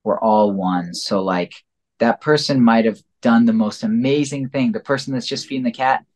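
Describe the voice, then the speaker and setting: A man's voice: medium pitch, normal speed. A man speaking as a guest in a casual interview, rambling and reflective, with many filler words. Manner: rambling and reflective, heavy use of "like" and "you know". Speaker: podcast guest.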